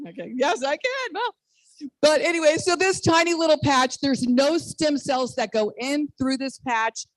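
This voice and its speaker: A woman in her sixties delivers a bubbly, excited network marketing pitch on a video call, packed with personal testimonies and punctuated by the occasional laugh at herself. The recording is dry and rough.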